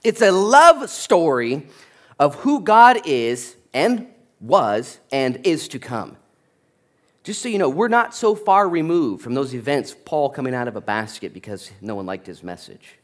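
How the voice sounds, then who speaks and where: Man, pastor, sermon, lively storytelling, wide-ranging pitch. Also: unhurried. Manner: animated storytelling, acting out voices.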